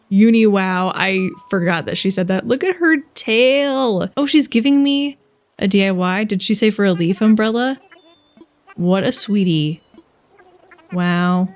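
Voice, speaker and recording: Young woman, gaming vlogger, chatty, giggly, excitable, casual commentary. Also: fairly low pitch, normal speed, long pauses.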